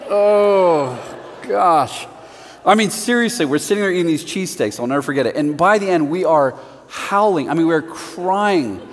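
A middle-aged male preacher telling a personal story in a sermon, animated and self-mocking. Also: fairly high pitch, moderate pace, slight background noise. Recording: long reverb of a large hall.

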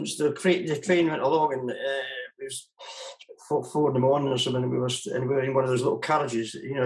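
A man's voice: medium pitch, low-quality recording. A man being interviewed as a musician guest, talking casually and rambling with many restarts.

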